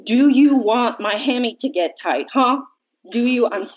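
A woman plays a worried, husky-voiced sister phoning in, earnest but drifting toward flirtation. The sound is narrow and tinny, like a phone line. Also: medium pitch, moderate pace, natural voice. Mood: rattled. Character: flirty anxious sister of an injured player. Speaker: caller. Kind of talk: comic prank call.

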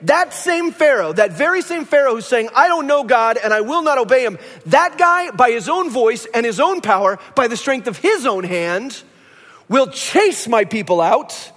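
This is a pastor in mid-sermon, a man with a notably high voice who tells stories with animation. He jumps between a plain speaking tone and acted quotations of the people in his stories. The sound carries a long, lingering reverb, as from a large church sanctuary. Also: moderate pace. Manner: animated storytelling, acts out quoted voices.

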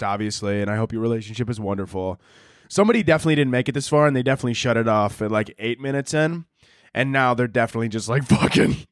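A man's voice: medium pitch, no echo, clean studio sound. A young man hosting a comedy podcast, telling a rambling, profane, sarcastic monologue and laughing often. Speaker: podcast host.

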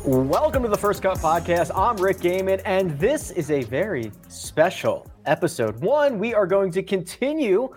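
A man's voice: sits high, big pitch swings, moderate pace, hardly any pauses, faint music behind. A man hosting a golf podcast in a casual, upbeat and chatty way. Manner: upbeat, chatty, promotes sponsors and links. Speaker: podcast host.

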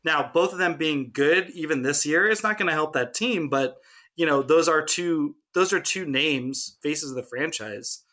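Bright-voiced joking podcast host, man. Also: a little high. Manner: joking, quick asides and laughs. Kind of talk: casual chat.

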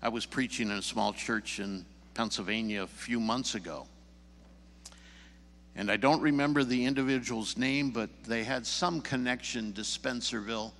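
A man from the Chicago area preaches to his congregation, telling stories and asking pointed, rising questions. His voice sits at an ordinary middle pitch. It carries with the long reverb of a church hall. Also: bright, forceful tone. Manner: storytelling, rising emphatic questions. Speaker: pastor. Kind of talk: sermon. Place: church sanctuary.

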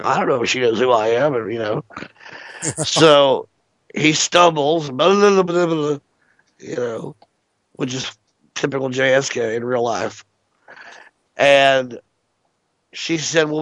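A man with a medium-pitched voice hosts an internet radio show, casually spinning a long, animated anecdote full of swearing. The audio is dull and lo-fi, with no echo.

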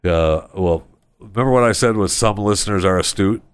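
A man's voice: lowish voice, moderate pace, clean tone, dry recording. A man hosting a podcast, bantering and reading listener reviews aloud in a wry, teasing way. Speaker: podcast host.

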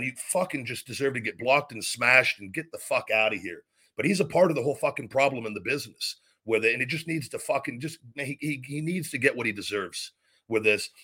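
A man's voice: mid-range voice, bright, forceful tone, breathy edge. A man hosting a podcast, ranting in anger with heavy swearing and repeated phrases. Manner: angry, profane, repetitive rant. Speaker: podcast host. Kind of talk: heated podcast rant.

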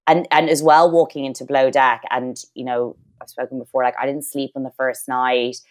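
A young Irish woman with a Dublin accent talks through her thoughts in a loose, rambling way, full of fillers and restarts. Her voice sits low for a woman. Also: fairly even intonation, a little fast. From Ireland. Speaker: guest, former reality show crew member. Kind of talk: casual podcast chat.

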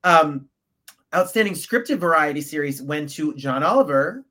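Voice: mid-range voice, expressive, a little slow, pushed and bright. A podcast co-host reading out award winners from printed notes in a casual way, with fillers and stumbles.

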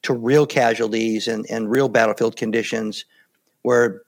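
A former Navy SEAL guest in his later years, speaking in a calm, plainspoken way as he tells stories in an interview. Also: medium pitch, a little slow. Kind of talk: casual interview talk.

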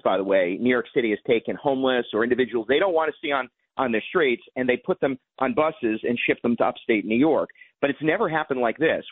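A man's voice: mid-range voice, no room sound. A man calling in to a radio show as a congressman guest, making emphatic points. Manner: emphatic, talking points delivered quickly. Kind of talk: political interview on call-in radio. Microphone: telephone. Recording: tinny phone line.

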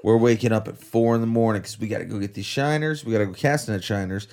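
Laid-back low-voiced man. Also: quick pace, darkish tone. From Florida. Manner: laid-back, swears casually, storytelling. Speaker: podcast co-host. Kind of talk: casual chat.

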